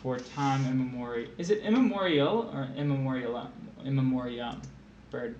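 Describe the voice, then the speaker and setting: A man's voice: medium pitch, expressive, moderate pace, darkish tone, reverberant, lo-fi sound, a little hiss or hum. A man hosting a tutoring stream, chatting casually and joking with word puzzles. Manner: jokey, playful with words.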